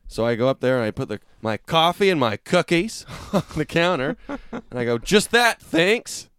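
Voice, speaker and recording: A podcast co-host telling a story over casual chat, swearing freely and throwing himself into the quoted lines. His voice is smooth and clear, recorded close and dry with no room sound. He is a man with an ordinary mid-range pitch. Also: fairly quick, no room sound. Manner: animated, profane, acts out quotes loudly.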